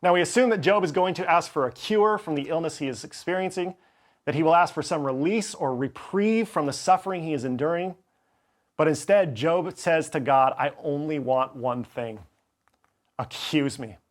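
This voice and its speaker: A pastor with a fairly high voice preaches at a brisk pace, expressive throughout. He reads scripture passages with dramatic delivery.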